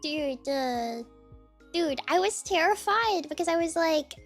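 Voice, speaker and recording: A woman's voice: extremely high pitch, lively intonation, slow pace, soft background music. A young woman streaming casually, greeting viewers one by one in a sing-song lilt and rambling with lots of "like" and "dude".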